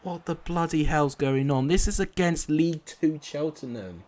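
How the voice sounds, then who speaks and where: A man's voice: fairly high pitch, moderate pace, darkish tone. A young man commentating live on his football game, frustrated and exclamatory, cursing at his players. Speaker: gaming YouTuber.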